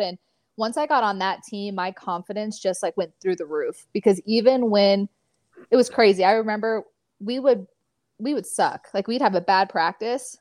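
A young woman from California talks through her memories as an interview guest, loose and chatty, leaning on "like" at every turn. Her voice sits at an ordinary middle pitch, and the recording is close and dry with no room sound. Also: dry recording. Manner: chatty, filler-heavy "like", animated storytelling. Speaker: athlete guest. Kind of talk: casual interview chat.

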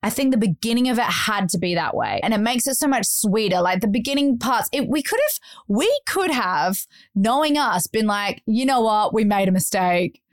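Lively woman telling stories. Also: fairly high pitch, normal speed, no echo, studio quality. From Australia. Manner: animated storytelling, laughs often, acts out voices. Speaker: podcast host. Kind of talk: casual chat.

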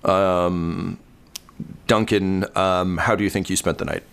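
A man narrating a tabletop role-playing game as game master, halting with many ums and uhs. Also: sits low, steady tone, gravelly, a bit bright, clean tone.

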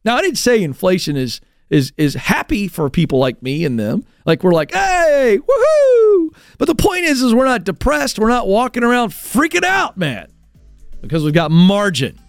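Fired-up male talk show host, lively pitch. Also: moderate pace, no room sound, studio quality, soft background music. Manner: animated, mocking mimicry of others. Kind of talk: energetic talk radio commentary.

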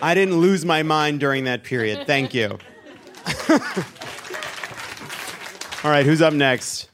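A man's voice: a little high, slow, crowd noise. A man hosting a comedic live podcast, mock-outraged and laughing often. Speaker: host. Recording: live show with audience and noise.

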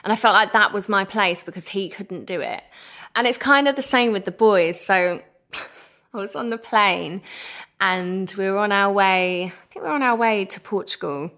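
A woman in her thirties from England, candidly telling a personal story as a podcast guest, animated and acting out what people said. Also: medium pitch, normal speed. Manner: animated, laughs often, acts out quoted speech.

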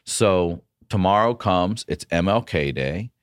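Low-voiced comedian guy telling a story on a podcast, swears a lot, dry close sound. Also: takes it slowly, clear, resonant tone, no room sound. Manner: profane, animated storyteller. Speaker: comedian guest.

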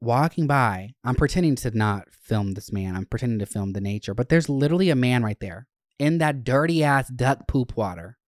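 A young man hosting his podcast tells a casual story in a loose, animated, chatty way, swearing a lot. His medium-pitched voice moves at normal speed, recorded dry without room echo.

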